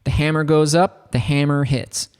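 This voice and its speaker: A man giving a casual, rambling tutorial on a software synth, talking loosely with lots of filler words. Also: a little high, steady tone, normal speed. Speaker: music production tutor. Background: faint synth keyboard notes.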